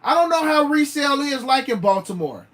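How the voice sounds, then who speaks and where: A man's voice: very high-pitched, very animated, brisk, a bit bright. A man hosting a sneaker channel livestream, chatting loosely with slang, fillers and repeated phrases. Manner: loose, repetitive, slangy talk with many fillers. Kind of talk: casual livestream chat.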